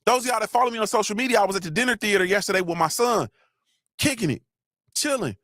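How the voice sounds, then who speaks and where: Fast and expressive, a middle-aged man hosts a live motivational talk, captured as a dry, clean studio recording. He gets preachy and repetitive, greets viewers by name, and, overcome with emotion, lets his voice drop low.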